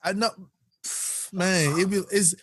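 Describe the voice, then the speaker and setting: A man co-hosting a podcast in casual chat, animated and laughing as he acts out quotes. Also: sits high, slow, a little hiss or hum. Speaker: podcast co-host.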